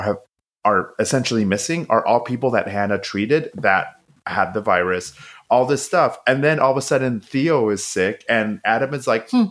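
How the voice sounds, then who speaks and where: A man co-hosting a podcast, recapping a show in casual chat, swearing freely and acting out the characters' lines. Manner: animated, profane, acts out quotes in high voices. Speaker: podcast co-host.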